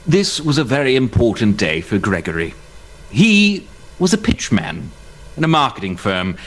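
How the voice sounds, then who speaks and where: A man improvising a comic short story as narrator, telling it with lively delivery. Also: fairly low pitch. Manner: animated, quick to laugh at himself. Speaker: improv performer.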